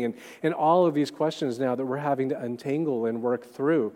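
A man in his thirties preaching a sermon as pastor, talking in a conversational way with quick asides. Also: medium pitch, darkish tone, long reverb tail.

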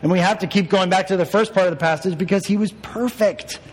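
A young male pastor with a slightly higher voice delivers a sermon in a loose, conversational way, tossing out rhetorical questions and joking at his own expense. His voice rings with the long reverb of a church hall. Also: fast talker. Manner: conversational preaching, rhetorical questions, self-deprecating asides.

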